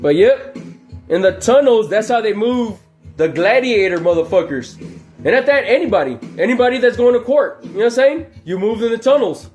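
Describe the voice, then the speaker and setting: A man talks in a loose, profane storytelling vlog with an unusually high-pitched voice. Quiet music plays faintly behind him. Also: animated, fairly quick. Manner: profane, rambling, laughs often. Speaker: channel host. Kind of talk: casual storytelling.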